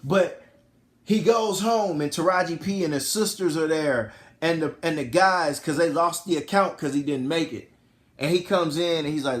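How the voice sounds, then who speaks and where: A man casually recapping a film plot in animated storytelling style, full of slang. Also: a little high, moderate pace. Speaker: film reviewer. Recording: roomy echo.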